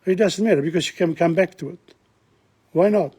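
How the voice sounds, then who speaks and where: A man's voice: high voice, brisk, warm tone, slightly rough. An older man from Italy with an Italian accent, teaching a language lesson in a chatty, digressive way and reciting verb tables. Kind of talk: casual recorded lesson.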